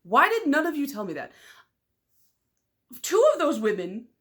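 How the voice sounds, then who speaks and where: Her voice sits high and her pace is moderate as this young Michigan vlogger talks nail polish in a casual, rambling way. She's loud and excitable, uses "like" constantly, and laughs frequently.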